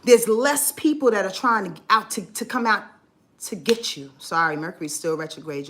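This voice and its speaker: A woman's voice: medium pitch, normal speed, a bit bright, slight background noise. A woman astrology vlogger talking in a heartfelt, rambling monologue, earnest and swearing freely, emotional and close to tears at times.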